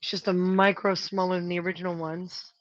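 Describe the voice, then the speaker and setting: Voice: medium pitch, flat delivery, fairly quick, dry recording, highs cut off. A prop maker hosting a casual livestream, rambling and thinking aloud while working and tallying material costs.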